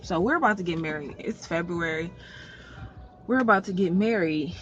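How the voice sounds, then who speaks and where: A woman's voice: fairly low pitch, normal speed, a bit bright. A woman vlogger telling a story in a casual storytime vlog, blunt and profane, sounding fed up. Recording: slightly muffled with faint background noise.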